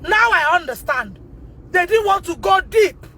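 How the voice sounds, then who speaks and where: A Nigerian woman with a Nigerian English accent, speaking out on a phone livestream, emotional and repetitive, rising to shouts and tearful at times. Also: extremely high pitch, lively intonation, measured pace, slight background noise, rough recording. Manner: emotional, repeats herself, rises to shouting. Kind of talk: impassioned livestream testimony.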